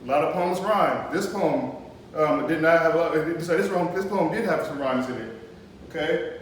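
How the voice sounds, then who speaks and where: A man's voice: on the high side, normal speed. A man teaching a poetry lesson to a class, explaining patiently and checking in with "okay?" after each point. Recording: echoey classroom, mic far off, faint noise.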